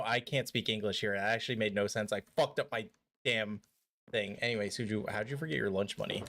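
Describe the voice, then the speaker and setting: A man's voice: lowish voice, brisk, fairly bright tone. Give me a young guy live-streaming a game, loose and jokey. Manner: joking, rambling, swears casually. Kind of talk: casual live-stream chat.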